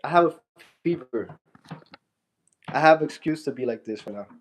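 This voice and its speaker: A man's voice: mid-range voice, expressive, moderate pace. A young man on a casual livestream with a stuffy nose from a fever, mocking and trash-talking a viewer in his chat.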